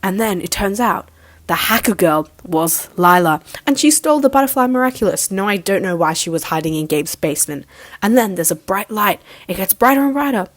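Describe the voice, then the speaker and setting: A woman's voice: medium pitch, lively intonation, brisk. A young woman giving a casual, sarcastic recap review of a cartoon finale, mocking the plot as she goes. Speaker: show reviewer.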